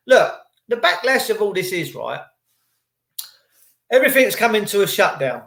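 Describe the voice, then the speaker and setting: Indignant male vlogger, high-ish voice, rambling rant, echoey room. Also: very animated, normal speed, creaky, long pauses, a bit bright. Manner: rambling, indignant, full of rhetorical questions. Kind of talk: ranting commentary to camera.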